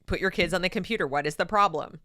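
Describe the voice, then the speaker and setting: A woman's voice: on the low side, fast, fairly bright tone, dry recording, clean studio sound, close to an everyday voice. A woman putting on a clueless valley girl. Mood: clueless whiny. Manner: airy, baffled, upspeak. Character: clueless young valley girl, sheltered and whiny.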